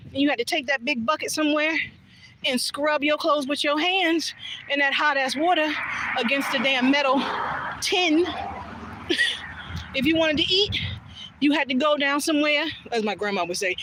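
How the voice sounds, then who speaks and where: A woman telling a casual story while out on a walk, chatty and swearing freely as she acts out what people said, into a phone she holds as she walks. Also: high voice. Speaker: vlogger. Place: outdoors on a walking trail. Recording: outdoor noise behind voice.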